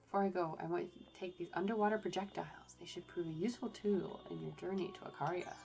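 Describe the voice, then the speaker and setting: A formal, grateful ruler of a city speaks in stately, measured phrases, voiced by a woman reading the game text aloud. The voice sits a little low, with faint music underneath. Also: steady tone, creaky, mellow.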